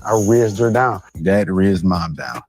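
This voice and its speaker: Teasing, bragging dad with a low voice. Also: male voice, unhurried, a little mellow, soft background music. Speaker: father on a reality show. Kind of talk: casual family banter.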